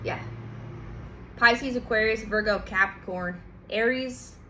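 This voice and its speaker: A woman's voice: on the high side, slow, sharp tone, a little hiss or hum. Rambling, swearing woman tarot reader. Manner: rambling, profane, lots of fillers and playful quoted voices. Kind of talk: casual tarot reading monologue.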